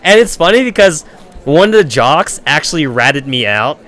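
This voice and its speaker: A young man chats on his game stream and tells rambling, profanity-laced stories. His voice sits a bit high for a man. He talks in an animated, loose way. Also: normal speed. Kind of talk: casual storytelling on a game stream.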